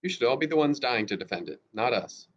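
A man's voice: medium pitch, very animated, quick pace. A man voicing a harsh, fanatical army lieutenant who barks orders, in a dull lo-fi storybook reading. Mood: commanding. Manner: barking orders. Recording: dull lo-fi recording.

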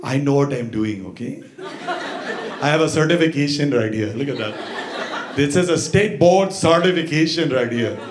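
A man voicing an impatient, gruff old male barber who barks short, repeated commands. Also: fairly high pitch, animated, unhurried, crowd noise. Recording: echoey room, audience laughter.

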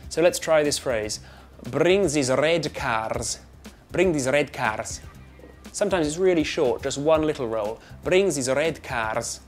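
A British man, an actor and voice coach, giving a clear instructional accent tutorial and demonstrating sounds. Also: mid-range voice.

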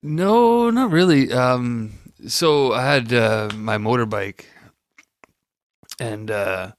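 A young man hosting a casual podcast chat, joking around and acting out his toddler's lines in a high voice. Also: animated, takes it slowly, dry recording, studio quality. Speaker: podcast host.

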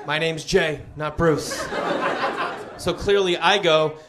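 A man doing a stand-up comedy routine, telling a story in a lively way and acting out the voices in it. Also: a little high, a little slow. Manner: animated storytelling, acts out quoted voices.

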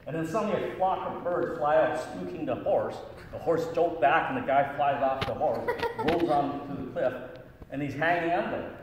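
Brief: middle-aged male pastor, playful storyteller, slightly high voice, heard far off in a big reverberant hall with noise behind. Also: moderate pace. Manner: jokey, animated storyteller. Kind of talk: storytelling talk to children.

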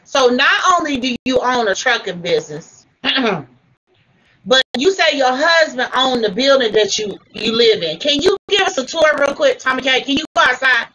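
A woman runs a livestream panel and keeps pressing a guest with blunt, profane demands. Her voice sits high and sounds bright and sharp. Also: lively intonation, moderate pace, poor audio. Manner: confrontational, swearing, repeating demands. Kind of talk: heated livestream argument.

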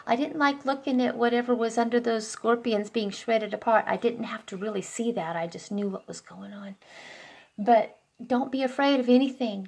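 A woman's voice: fairly high pitch, gravelly. A woman delivering an earnest, emotional spoken prophecy, pleading with listeners and close to tears. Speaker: self-styled prophet.

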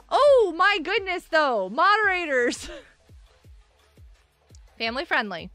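High, lively-voiced woman streamer. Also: measured pace, long pauses, no echo, faint music behind. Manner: chatty, giggly, greets and thanks viewers. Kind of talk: casual gaming live-stream chatter.

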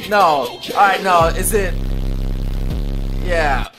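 A man hosting a reaction video, excitable and loud, swearing often and protesting. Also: sits high, moderate pace, pauses often, over music. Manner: excitable, swears a lot, laughs and protests loudly. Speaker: host reacting to fan videos. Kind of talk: reaction commentary.

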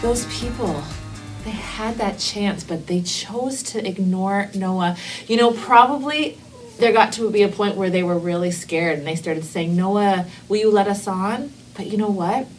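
A woman teaching Sunday school, telling a Bible story to children expressively, slowing for emphasis and dropping to whispers. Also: medium pitch, faint music behind, low-quality recording.

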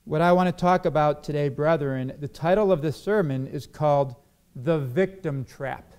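A man's voice: a little high, moderate pace, a little mellow, clean tone. A man preaching a sermon to a congregation. He asks his listeners questions and acts out quoted arguments. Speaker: pastor.

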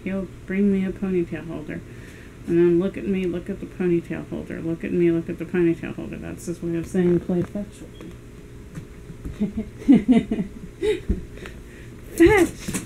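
A woman at home, chatting casually about her cat and calling out commands in a high sing-song. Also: little pitch movement, a little fast, creaky, dark tone, slight background noise, rough recording. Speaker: cat owner filming her pet. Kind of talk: casual narration to camera while playing with a pet. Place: indoors at home. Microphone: handheld camera at floor level.

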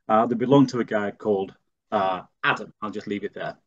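A man's voice: on the low side, fairly quick, highs cut off, slight background noise. A middle-aged man from Leeds, telling stories in an interview as a pilot and flight instructor. He brings his anecdotes to life and acts out the dialogue in them. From Leeds, England. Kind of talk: storytelling in a conversational interview.

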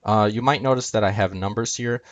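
Man, lowish voice, unscripted lecture, filler words, walking through a chart, dry recording. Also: fairly quick, dry recording. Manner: unscripted, many ums and uhs, walks through each item. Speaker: video lecturer. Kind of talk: explaining a chart on screen.

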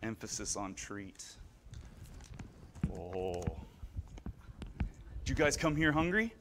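A man's voice: lowish voice, sing-song, slow pace, long pauses, noisy background. A man leading a children's message in church, joking and teasing with the kids in a playful way.

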